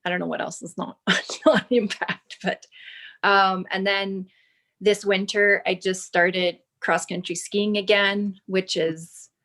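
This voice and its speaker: A woman in her thirties, a fitness client, talking slowly and thoughtfully in a casual chat and at times reading from her notes. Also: medium pitch, little pitch movement, fairly bright tone. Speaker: client giving a testimonial. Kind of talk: casual video call chat.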